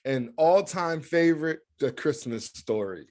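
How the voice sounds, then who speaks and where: In this casual podcast chat, an American co-host speaks at a measured pace with a fairly high pitch. He's animated, laughs often and performs scenes from movies.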